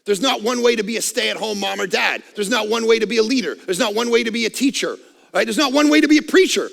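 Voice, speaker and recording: A middle-aged pastor preaching in a long, echoing hall. His voice sits high and rough with heavy grit, and it cuts bright and forceful as he preaches at full energy and jokes at his own expense. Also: quick pace. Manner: energetic, loud preaching with self-mocking humor. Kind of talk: sermon. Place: church auditorium. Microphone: headset microphone.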